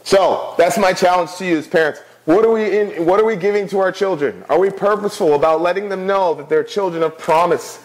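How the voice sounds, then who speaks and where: A man's voice: high voice, fairly quick, hardly any pauses, rough recording. A middle-aged man preaching a sermon as pastor, conversational, with frequent asides to the congregation.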